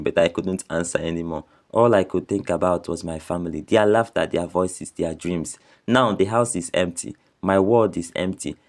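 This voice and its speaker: Deep-voiced man narrating a sad story. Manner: grave, sorrowful delivery. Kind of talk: scripted first-person story narration.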